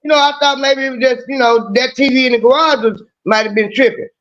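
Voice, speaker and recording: A woman's voice: high-pitched, fairly even intonation, fast, a bit bright. A woman in casual chat, telling stories emphatically and swearing freely. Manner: emphatic, profane, storytelling. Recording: dull lo-fi audio.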